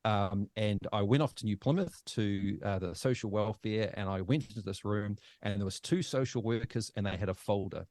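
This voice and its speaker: A New Zealand man in his fifties, a podcast guest telling his own story in a halting, emotional way with many restarts. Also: on the low side, darkish tone, no room sound. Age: 50s. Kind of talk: personal storytelling.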